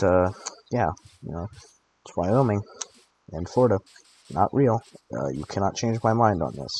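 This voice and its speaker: A deep-voiced young man of eighteen, tired and groggy, rambles through late-night gaming commentary with drowsy joking asides. Steady clicking sounds run under his voice. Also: poor audio. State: tired and groggy from allergy pills. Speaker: gaming channel host. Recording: clicking noise over the voice.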